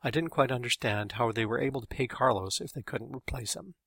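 A man's voice: mid-range voice, brisk, creaky, fairly bright tone, slightly rough, no room sound, studio quality. A man reading his own story in wry, matter-of-fact first-person narration.

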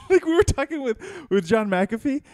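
A man's voice: very high-pitched, very animated, measured pace, a little mellow, no echo, clean studio sound. A man hosting a late-night podcast, joking around and laughing easily in casual chat. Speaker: podcast host.

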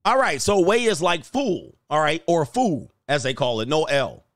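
A man's voice: on the high side, very animated, moderate pace, fairly bright tone, no room sound, studio quality. Joking, rambling male livestream host. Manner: joking, rambling, laughs often. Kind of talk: casual livestream commentary.

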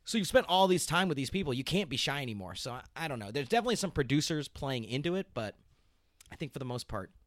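A man's voice: mid-range voice, fast talker, dry recording. Chatty male podcast co-host, dry sound. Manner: chatty, animated recapping with frequent laughs. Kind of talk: casual chat.

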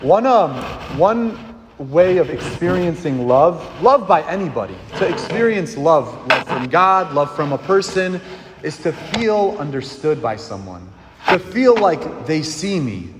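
A man's voice: on the high side, big pitch swings, a little slow. Man preaching in a reverberant church. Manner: earnest, asks the congregation questions and leads a response. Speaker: priest. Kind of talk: sermon. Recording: long hall reverb with clear background noise.

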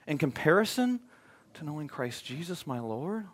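A male pastor preaching a sermon in a conversational, joking way, swinging between emphatic loud points and quiet, hushed ones. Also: on the high side, big pitch swings, moderate pace.

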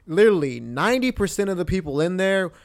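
A man's voice: high voice, sing-song, fast. Defensive young male podcast co-host. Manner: defensive, insistent, repeats himself. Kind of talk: casual podcast chat.

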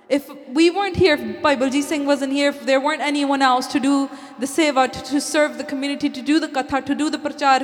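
Long hall reverb surrounds this high-voiced woman as she delivers an inspirational message at a Sikh community gathering. Earnest and sincere, she mixes Punjabi phrases into her English.

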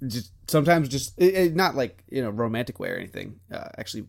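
A man's voice: mid-range voice, very animated, fast, vocal fry. A young man in his twenties co-hosting a podcast, chatting casually and rambling with frequent laughs. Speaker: podcast co-host. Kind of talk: casual chat.

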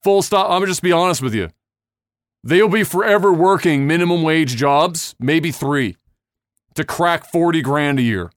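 A man's voice: a little high, normal speed, no echo, clean studio sound. Blunt, profane man ranting. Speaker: podcast host. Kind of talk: casual podcast rant.

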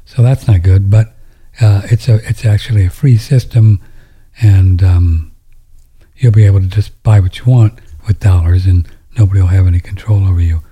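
Male host, low husky tone, loose rambling delivery with hushed asides. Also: fairly even intonation, normal speed. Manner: rambling, with frequent restarts and drops into near-whispers. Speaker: host answering viewer questions. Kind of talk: casual monologue.

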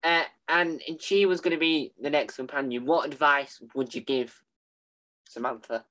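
Eager, halting young interviewer. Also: mid-range voice, fairly even intonation, fairly bright tone. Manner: eager, halting, many restarts. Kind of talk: casual interview.

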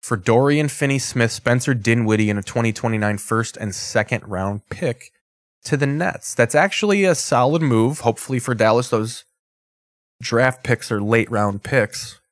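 A man hosts a show in loose, sarcastic chat, swearing freely as he reacts to a game. His voice sits at a middle pitch and sounds dry and close to the mic. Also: normal speed, no room sound. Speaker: show host reacting to live broadcast. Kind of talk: casual profane commentary.

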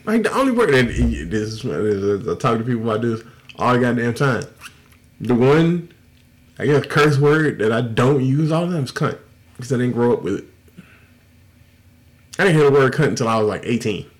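A man's voice: medium pitch, animated, normal speed, pauses often. A man hosting a podcast in casual chat, blunt and profane, laughing easily as he talks. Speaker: podcast host.

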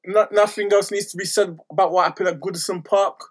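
A man's voice: sits high, steady tone, quick pace. A man, hosting a casual football chat in a laid-back, slangy way and laughing between lines. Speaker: podcast host.

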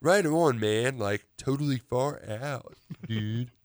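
A man putting on a slow, laid-back stoner voice to read a listener's text. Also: medium pitch, no echo, studio quality, natural voice. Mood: mellow. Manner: slow drawling surfer-stoner talk.

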